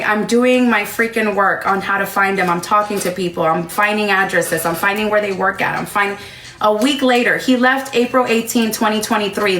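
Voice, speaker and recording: A woman in her thirties on a livestream, telling a long emotional story in a rapid, rambling, defensive way with rising outbursts. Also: medium pitch, a bit bright, roomy sound. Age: 30s.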